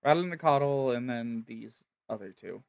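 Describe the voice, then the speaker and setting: A man streaming a game, commenting casually in a relaxed, musing way with hesitant fillers. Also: medium pitch, normal speed, creaky, phone-quality sound.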